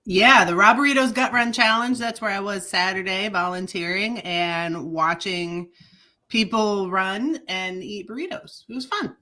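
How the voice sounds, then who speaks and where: Woman podcast co-host, bright tone, loose and playful banter. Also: mid-range voice, measured pace. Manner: chatty and playful, laughs easily. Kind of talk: casual chat.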